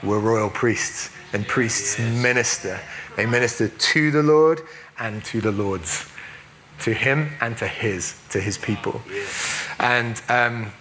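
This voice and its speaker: A man from England giving a sermon as a preacher, chatty and self-deprecating, with quick asides. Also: lowish voice, background noise.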